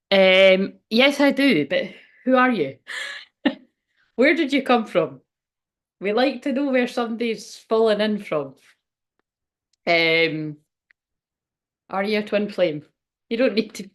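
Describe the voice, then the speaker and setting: A woman reading oracle cards on a casual livestream, chatty and rambling, often exclaiming and laughing at herself. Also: mid-range voice. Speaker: tarot and oracle card reader hosting a livestream.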